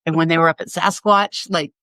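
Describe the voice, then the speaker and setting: A middle-aged woman tells stories in a lively, chatty way, laughing and acting out quotes in a higher voice. The recording is dry and close, with no room sound. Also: brisk, no echo. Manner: animated, laughing, acts out quotes in a high voice. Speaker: photographer guest. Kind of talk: casual storytelling interview. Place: her home.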